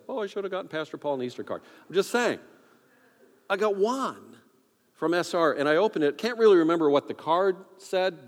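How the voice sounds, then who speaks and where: A man, a pastor, telling a personal story in a sermon, conversational and self-deprecating, acting out his own inner thoughts. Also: mid-range voice. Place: church sanctuary. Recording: long reverb of a large hall.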